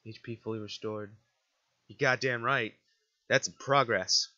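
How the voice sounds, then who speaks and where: A man's voice: mid-range voice, steady tone, measured pace, sharp tone, highs cut off. A man giving casual, jokey, profane commentary while playing a video game. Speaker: let's play gamer.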